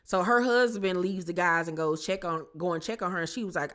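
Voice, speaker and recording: Recapping a reality show on her channel at a moderate pace, this woman has a voice on the low side. Her delivery is animated, chatty and full of slang, and she acts out the quotes.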